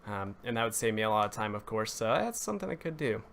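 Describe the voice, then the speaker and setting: A man's voice: lowish voice, big pitch swings, quick pace, creaky, a bit bright, slight background noise. A young man live-streaming a building session, rambling and correcting himself as he greets viewers and talks to chat, his voice cracking now and then. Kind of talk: casual live-stream commentary while building.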